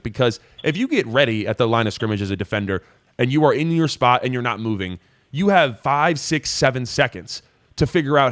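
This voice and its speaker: A young adult man hosting a live call-in show, breaking down football film in a casual, animated way. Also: mid-range voice, fairly quick, no room sound, studio quality. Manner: casual, animated, voices players' thoughts. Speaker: host.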